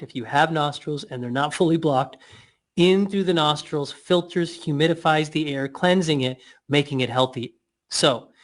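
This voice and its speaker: A man leading a guided breathing and mouth exercise, giving slow cues with playful asides. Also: a little high.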